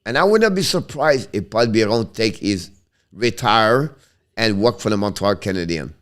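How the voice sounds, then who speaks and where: A man with a Quebec French accent who hosts a casual live stream about hockey. He answers viewers in a halting way, restarts his sentences often and switches between English and French. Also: on the low side, lively intonation.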